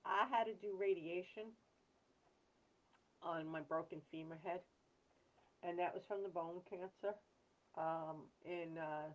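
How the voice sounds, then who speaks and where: A woman hosting a live chat, talking in an earnest, rambling way with frequent pauses and apologies. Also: on the low side, fairly even intonation, lo-fi sound. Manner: blunt and self-deprecating. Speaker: livestream host.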